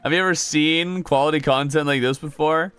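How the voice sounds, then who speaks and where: A man's voice: fairly high pitch, fairly even intonation, brisk, a bit bright, smooth, faint music behind. Joking young male game streamer. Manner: joking, chatty, replies to chat. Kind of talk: casual live-stream chat.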